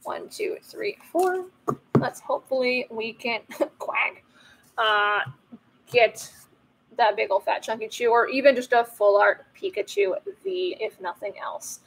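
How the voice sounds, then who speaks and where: A woman's voice: on the high side, measured pace, vocal fry, a little hiss or hum, low-quality recording. A woman hosting a card-opening video, chatting playfully and joking as she goes through the cards. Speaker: host of a card-opening channel. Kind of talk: casual card-opening commentary.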